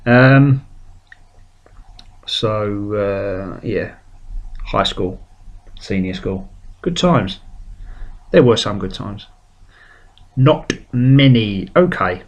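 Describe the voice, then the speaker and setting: On a muffled recording, a man with a lowish voice and lively intonation speaks extremely slowly, leaving long pauses. He's a webcomic artist with a British English accent hosting his weekly drawing show, chatting in a casual, rambling way and acting out quotes in self-deprecating stories.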